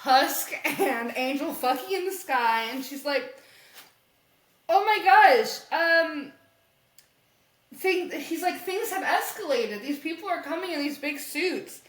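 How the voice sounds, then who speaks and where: A young woman podcast co-host recapping a comic in casual chat, animated and laughing as she acts out the characters' lines. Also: high-pitched, unhurried. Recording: echoey room.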